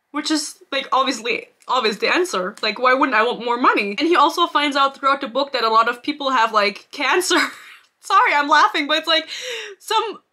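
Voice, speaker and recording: A woman's voice: high voice, bright, forceful tone. A woman giving a casual, sarcastic book review rant, swearing freely and laughing often.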